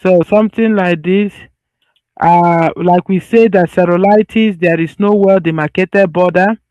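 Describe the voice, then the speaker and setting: A man's voice: high voice, steady tone, a little slow, darkish tone, lo-fi sound. A man teaching medicine over slides. He talks in a loose, conversational way and repeats his points so they stick. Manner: conversational, loose phrasing with restarts. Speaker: medical lecturer.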